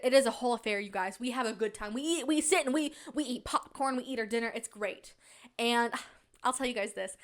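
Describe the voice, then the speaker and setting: A young woman hosting a podcast, telling a story in casual chat, acting out what other people said. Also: on the high side. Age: young adult. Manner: animated, acts out other people's lines in quotes. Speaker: podcast host. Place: public place.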